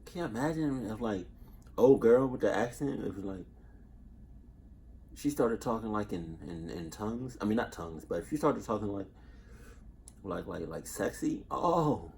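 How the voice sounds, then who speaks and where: A man's voice: fairly low pitch, moderate pace, gravelly, long pauses, a little mellow, slight background noise. Rambling laid-back man reacting. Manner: rambling, swears and laughs, self-interrupting. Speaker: reaction video host. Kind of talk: casual reaction commentary.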